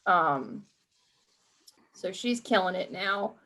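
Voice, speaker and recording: Her voice is fairly low, expressive, bright and forceful, and she speaks slowly. As a podcast co-host in relaxed gaming talk, she's chatty, swears a lot and acts out how she reacted.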